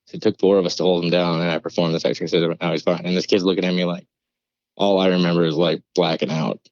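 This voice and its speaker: A man's voice: low-pitched, little pitch movement, fast talker, darkish tone, no room sound. A man, a podcast guest, telling a personal story in a casual way, swearing freely and admitting he feels uneasy. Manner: swears freely, vivid play-by-play retelling. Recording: dull, dry lo-fi podcast audio.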